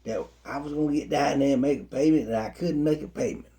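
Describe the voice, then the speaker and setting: A woman's voice: very deep voice, fast talker, dark tone. A man voicing a defensive church sister who makes evasive excuses about gambling away the church's money.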